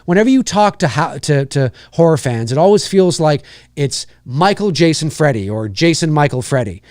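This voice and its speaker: A man's voice: on the high side, expressive, moderate pace, darkish tone, no echo, clean studio sound. A man with a Canadian accent hosting a live stream, chatting casually and rambling with lots of fillers and restarts.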